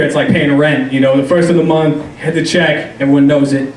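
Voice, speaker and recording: A man's voice: on the high side, flat delivery, fairly quick. A young man doing a stand-up comedy set on a club stage, rambling and self-deprecating, with lots of fillers. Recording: roomy club, distant mic.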